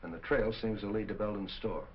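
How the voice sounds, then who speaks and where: An actor playing a brusque, hard-boiled police captain who barks orders. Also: male voice, fairly low pitch, fairly even intonation, brisk, close to an everyday voice. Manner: gruff, barking orders. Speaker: police detective. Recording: muffled 1940 film soundtrack with hiss.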